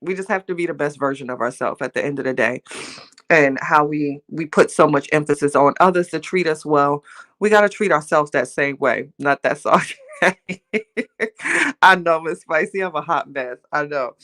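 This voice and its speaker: A woman's voice: low-pitched, moderate pace, fairly bright tone. An older woman hosting a casual motivational livestream, chatty and playful, laughing often and talking straight to her viewers. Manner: playful, teasing, self-mocking. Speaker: livestream host.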